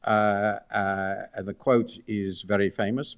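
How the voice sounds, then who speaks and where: A man's voice: lowish voice, level tone, slow, smooth. An older man giving a book talk at a university, speaking with dry, ironic asides and frequent hesitations. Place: university lecture room.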